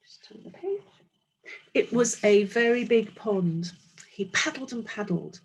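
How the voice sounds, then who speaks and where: Teacher lady reading a kids' story, lively up and down voice, bit husky. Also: medium pitch, a little slow, rough recording. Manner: expressive, explains to children. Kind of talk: storybook reading to young children.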